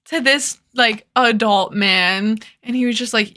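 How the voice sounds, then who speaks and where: A woman's voice: on the high side, normal speed, bright, forceful tone. A young woman telling a story to the camera, rambling and laughing, with lots of "like" fillers. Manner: rambling, laughing, heavy use of "like". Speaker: vlogger. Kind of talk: casual storytelling.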